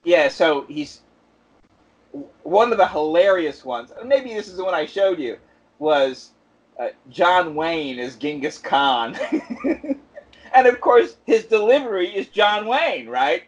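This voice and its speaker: A man's voice: sits high, animated, slow pace, a little hiss or hum. A man co-hosting a casual podcast chat, talking chattily and laughing often. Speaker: podcast co-host. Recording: dull lo-fi recording.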